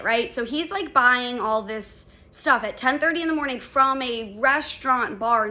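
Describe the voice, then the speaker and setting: Podcast host, young woman, bright and a bit high, casual storyteller who swears and says "like" a lot. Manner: animated, swearing, lots of "like" fillers.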